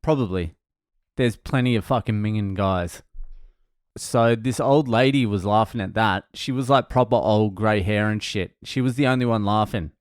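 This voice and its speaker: A stand-up comedian recounting gigs in a casual monologue, blunt and self-mocking, swearing freely. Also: male voice, fairly low pitch, moderate pace, no echo, studio quality.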